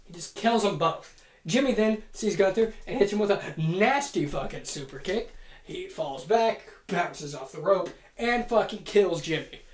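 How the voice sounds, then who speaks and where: A woman hosts a comedic monologue, spinning an imagined wrestling match with profane, rapid-fire glee. Her pitch leaps around constantly as she tells it. The voice sits in a roomy, echoing space. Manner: profane, excitable, rapid-fire comic storytelling. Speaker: host. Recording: roomy echo.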